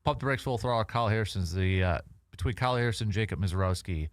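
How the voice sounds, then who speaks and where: A low-voiced man hosting a sports radio show from a studio. He talks in animated, halting bursts, full of fillers and restarts. The sound is close and dry. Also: no echo. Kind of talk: casual sports talk.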